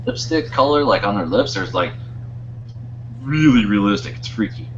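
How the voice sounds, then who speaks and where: A man with a fairly low voice chats casually on a podcast, wandering off mid-thought, his pitch rising and falling a lot. The audio is dull and lo-fi, with a faint hum behind him. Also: lively intonation, moderate pace. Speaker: podcast co-host. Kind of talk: casual chat.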